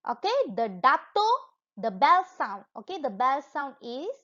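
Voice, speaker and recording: A woman's voice: sits high, big pitch swings, unhurried, fairly bright tone. A woman with a Malaysian accent teaching a lesson to young children, coaxing them along in a sing-song way. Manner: sing-song, coaxing, imitates animal and object sounds. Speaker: kindergarten teacher. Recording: dull lo-fi recording.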